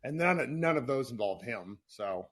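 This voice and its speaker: A man's voice: medium pitch, animated, measured pace, a bit bright. A man hosting a live podcast room, talking basketball in a chatty, rambling way with frequent restarts. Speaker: podcast host. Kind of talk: casual live sports chat.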